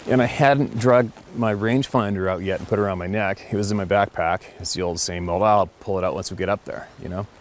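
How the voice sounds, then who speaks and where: A middle-aged man, a hunting guide, telling a story in a rambling, animated way that circles back and repeats words. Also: lowish voice, brisk, few pauses, slight background noise. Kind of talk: casual storytelling.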